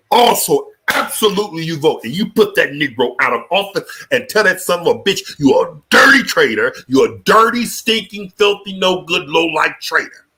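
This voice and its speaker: Host, male, lively and bright, profane preacher-style ranting. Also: sits high. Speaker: show host. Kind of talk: live political talk show rant.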